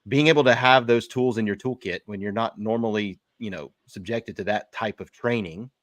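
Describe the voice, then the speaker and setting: Casual low-voiced male co-host. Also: moderate pace, fairly bright tone, dry recording. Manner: casual, rambling, with restarts. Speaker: podcast co-host. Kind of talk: podcast conversation.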